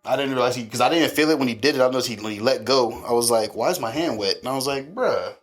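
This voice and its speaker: A man around thirty, a podcast co-host, casually telling profane, animated stories about his family and often laughing. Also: mid-range voice, fast talker. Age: 30s. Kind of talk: casual chat.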